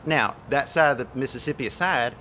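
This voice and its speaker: A man's voice: mid-range voice, a little fast, bright, forceful tone, a little hiss or hum. A young man coaching an actress on her accent, talking loosely with lots of "like" and "right?" and the odd swear word. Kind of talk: casual one-on-one coaching.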